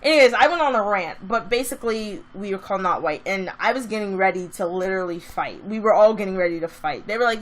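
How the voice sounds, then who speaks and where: A woman's voice: medium pitch, fairly quick, fairly bright tone. A woman vlogger telling a story in a casual, chatty way that turns into a heated rant.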